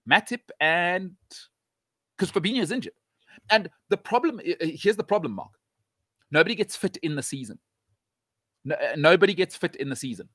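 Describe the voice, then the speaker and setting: Male host, opinionated and animated, slightly raised pitch, dry studio sound. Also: no echo. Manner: emphatic, animated, sarcastic, repeats points. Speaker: show host. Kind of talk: opinionated football talk.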